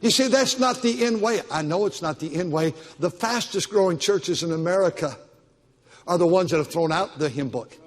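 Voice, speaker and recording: An older male pastor delivers a Baptist sermon, pressing his points through emphatic repetition. His voice sits high for a man, and it rings out with the long reverb of a church auditorium. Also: expressive, moderate pace.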